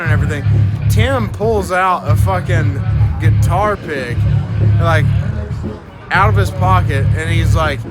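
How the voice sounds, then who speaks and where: Tipsy guy with a higher voice, swearing through a rambling anecdote; loud music underneath. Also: a little slow. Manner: profane, rambling, many fillers and restarts. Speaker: guest storyteller. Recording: loud music playing behind.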